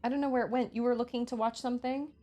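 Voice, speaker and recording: A woman's voice: on the high side, steady tone, very fast, warm tone, muffled recording. A woman streaming a game from home, chatting casually and yelping in surprise at the game. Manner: chatty, with sudden yelps of surprise. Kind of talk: casual gaming chat.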